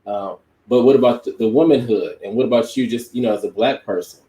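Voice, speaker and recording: A man's voice: medium pitch, brisk, dark tone. A man on a podcast panel, talking in a conversational, informal way and addressing the others directly. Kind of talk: casual discussion. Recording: roomy echo.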